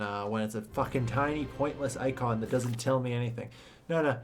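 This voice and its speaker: A young man streaming a strategy game, ranting and swearing in loud exasperated bursts, then muttering to himself. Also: mid-range voice, fairly even intonation, normal speed, vocal fry, long pauses, faint music behind. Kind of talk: casual game stream commentary.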